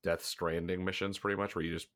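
A man's voice: low voice, little pitch movement, fast talker, a bit bright. A man co-hosting a gaming podcast, chatting casually and a little congested, rambling and swearing as he talks. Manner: rambling, swears freely, laughs often. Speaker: podcast co-host.

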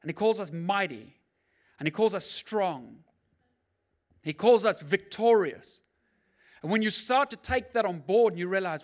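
A middle-aged man preaching as a pastor, swinging between loud urging and quiet, personal storytelling. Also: high voice, animated, unhurried, long pauses. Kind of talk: sermon.

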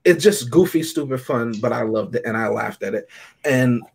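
A man's voice: mid-range voice, moderate pace, vocal fry, darkish tone, husky. A man casually chatting as a podcast co-host, telling stories with animation and laughing often. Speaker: podcast co-host reviewing a movie. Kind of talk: casual chat.

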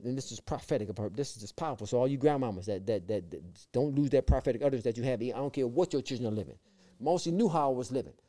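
A man telling his personal faith testimony as a guest, with lively repeated phrases and acted-out quotes. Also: mid-range voice. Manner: lively, repeats words, acts out quoted voices. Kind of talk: animated personal storytelling.

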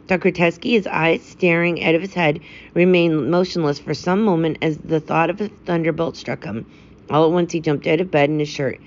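A woman calmly narrating a classic short story as host of a story podcast. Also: low-pitched, normal speed, lo-fi sound. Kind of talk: scripted narration.

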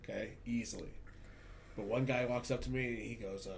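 A man's voice: mid-range voice, a little fast, gravelly, a little hiss or hum. Profane ranting man, casual podcast. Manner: profane, ranting, animated storytelling. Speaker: podcast host. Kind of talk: casual chat. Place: Hollywood.

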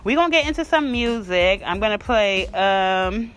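A woman's voice: mid-range voice, lively intonation, moderate pace, fairly bright tone, a little hiss or hum. A woman hosting a podcast, ranting bluntly and mockingly in casual chat, full of profanity. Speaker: podcast host. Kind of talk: casual opinion rant.

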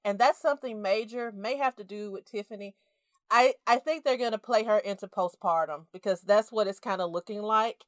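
A woman co-hosting a podcast in casual chat, laid-back and quick to burst into laughter. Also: medium pitch, no room sound, clean studio sound. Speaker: podcast co-host. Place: indoors at home.

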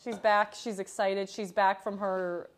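A woman's voice: mid-range voice, steady tone, measured pace. A young woman in her twenties co-hosting a casual podcast, playful and giggly. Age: 20s. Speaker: podcast co-host. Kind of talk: casual chat.

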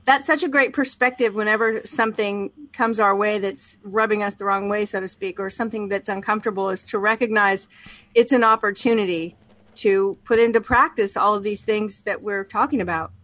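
A woman co-hosting a casual talk show, reading a book aloud in a measured, thoughtful way. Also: medium pitch, steady tone, a bit bright, no echo. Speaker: podcast co-host.

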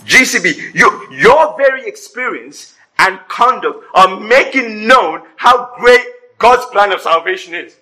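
Brit pastor going all over the place pitch-wise, bright tone, jokey sermon to the church. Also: male voice, a little slow, low-quality recording. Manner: animated preaching with humorous asides. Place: church service before a congregation.

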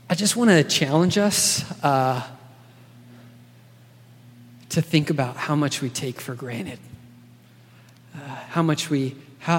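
A man preaching a sermon in a casual, earnest way, often checking in with his listeners by asking "right?". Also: mid-range voice. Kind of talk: conversational sermon. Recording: long reverb of a large hall.

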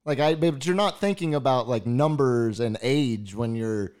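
A man's voice: medium pitch, moderate pace, a little mellow, clear, resonant tone. A man co-hosting a podcast, talking in casual chat with hesitant, filler-filled speech. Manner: hesitant, filler-heavy, reflective. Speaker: podcast co-host.

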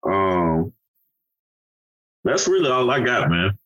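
A man's voice: lowish voice, very animated, slow, a bit bright, highs cut off. A man in casual conversation about an album, hesitant and often rephrasing himself. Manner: hesitant, rephrases, many fillers. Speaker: podcast co-host. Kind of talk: casual music review chat.

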